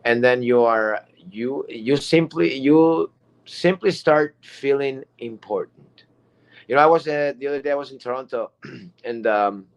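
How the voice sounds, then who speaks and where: A man in a mid-range voice gives a loose motivational talk as a guest speaker. He rambles and circles back, leaning on fillers and repeated phrases. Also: mid-range voice. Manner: rambling, repetitive, with many fillers.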